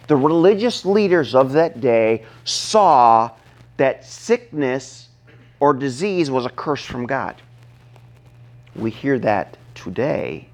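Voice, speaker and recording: A man preaching a sermon, telling a Bible story dramatically, dropping to a hush and then acting out shouts. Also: mid-range voice, gravelly. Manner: dramatic, acts out the scene, shifts from hushed to shouting. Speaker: pastor.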